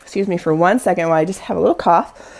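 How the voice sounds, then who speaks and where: In this clip, a woman runs a Pilates class, calling out cues and counting down reps in an encouraging way. She has a lowish, creaky voice with a darkish tone.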